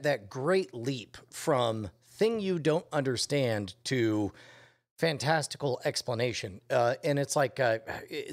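A man in casual podcast chat, reasoning aloud through a run of examples. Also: medium pitch. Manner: reflective, builds arguments with lists of examples.

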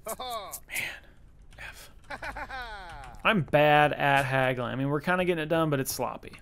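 A man's voice: a little high, expressive, a little slow, a bit bright, a little hiss or hum. Chatty self-mocking man gaming. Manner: chatty, self-mocking, talks to game characters. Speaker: gaming YouTuber. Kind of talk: casual let's-play commentary.

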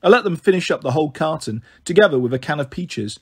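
Husky, expressive male storyteller. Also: on the high side, fast. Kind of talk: reading a children's novel aloud.

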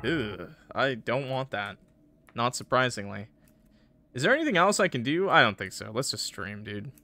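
A man's voice: mid-range voice, lively intonation, moderate pace, sharp tone, dry recording, faint music behind. A man streaming a game, chatting casually with his viewers and laughing often. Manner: laughs often, joking with chat. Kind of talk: casual gameplay commentary.

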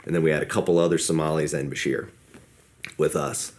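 A man with a very deep, low voice tells a war story in an interview. He talks in a casual, rambling way and acts out the lines people said. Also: fairly even intonation, brisk, darkish tone. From United States. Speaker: podcast guest.

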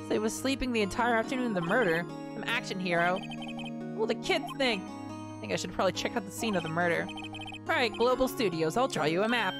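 A woman's voice: mid-range voice, animated, a little fast, over music. A woman streaming a video game, reading its dialogue aloud and commenting irreverently, swearing freely.

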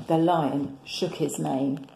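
Teacher lady reading a picture book aloud, slow and gentle, mellow voice, echoey room. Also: deep voice, creaky. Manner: gentle, expressive storytelling. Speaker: primary school teacher.

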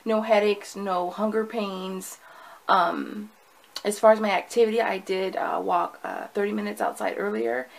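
A woman's voice: medium pitch, fairly even intonation, unhurried, vocal fry, rough recording. A woman recording a casual video diary at home, chatty and rambling, with many fillers and restarts. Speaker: vlogger.

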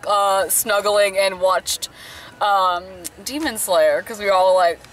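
A young woman vlogging from a car, chatting casually and rambling quickly with laughing asides. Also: medium pitch, poor audio. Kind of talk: casual chat. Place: inside a car in traffic. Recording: road noise from a car. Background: traffic noise.

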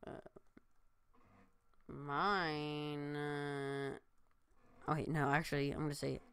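Slow, rambling tired young guy. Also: a little high, level tone, fairly bright tone, clean tone, no echo. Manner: rambling, hesitant, lots of fillers. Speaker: vlogger. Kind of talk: casual chat to camera. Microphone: new desk mic.

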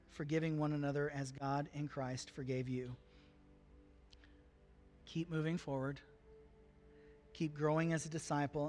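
A man preaching a sermon, talking to the congregation in an earnest, conversational way and lifting his voice for emphasis. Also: on the high side. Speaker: pastor.

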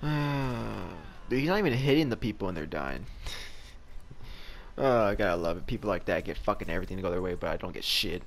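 A man's voice: deep voice, lively intonation, fairly quick, vocal fry. A young man giving live gameplay commentary, frustrated and swearing as he rants at the game. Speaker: gameplay streamer.

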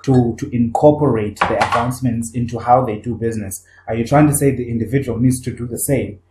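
A man's voice: medium pitch, fairly even intonation, a little fast. A man co-hosting a podcast, prompting his partner with questions and adding follow-up points in a conversational way. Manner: attentive, prompting, frequent soft affirmations. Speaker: podcast co-host. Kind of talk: conversational discussion. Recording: echoey room with faint background noise.

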